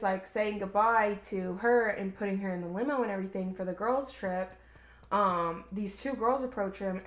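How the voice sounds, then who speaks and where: A woman talks through a book's plot in a loose, chatty podcast style, leaning on "like" as she goes. Her voice sits at an ordinary middle pitch. The room gives her voice a noticeable echo. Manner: chatty, rambling, heavy use of "like". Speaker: podcast co-host. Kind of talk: casual chat recapping a book.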